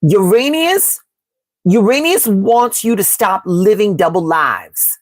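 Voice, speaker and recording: Woman, from Chicago, live-stream tarot host; emphatic and repetitive, mid-pitched, dry close sound. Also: animated, unhurried, a little mellow, no echo. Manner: emphatic and repetitive, calling viewers "baby" and "y'all"; reads out and answers the live chat. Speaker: tarot reader and astrology host.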